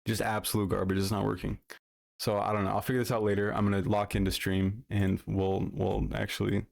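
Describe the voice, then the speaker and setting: A man's voice: fairly low pitch, monotone, fairly quick, vocal fry. A man streaming live in casual chat, rambling and swearing freely into his desk microphone. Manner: rambling and heavily profane.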